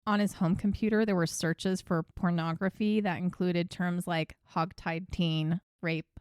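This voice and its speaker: A woman's voice: lowish voice, steady tone, measured pace, clean tone, no room sound, studio quality. A woman hosting a true crime podcast, telling the case in a blunt, profane, casual way. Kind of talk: casual storytelling chat.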